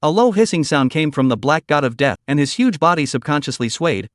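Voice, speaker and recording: A man narrating a fantasy comic story recap in a steady, even reading. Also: fairly high pitch, a little fast, no echo, clean studio sound.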